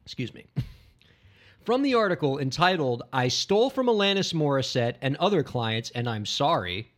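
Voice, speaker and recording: Lively man co-hosting a podcast. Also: fairly high pitch, moderate pace. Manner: explanatory, bantering. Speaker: podcast co-host. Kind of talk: casual podcast chat.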